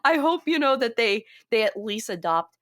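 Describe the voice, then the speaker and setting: A woman co-hosting a film podcast, chatting casually with quick asides. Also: a little high, lively intonation, fairly bright tone, no room sound, clean studio sound. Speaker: podcast co-host.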